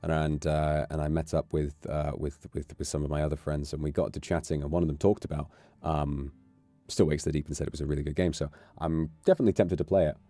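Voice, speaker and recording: A man's voice: very deep voice, quick pace, dry recording. A man with an English accent, chatting casually and jokingly on his stream. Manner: rambling, joking, animated. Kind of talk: casual chat.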